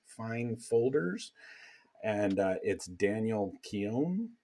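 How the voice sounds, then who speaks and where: Speaking very slowly in a lowish voice, this podcast host rambles along in a relaxed, casual chat full of fillers.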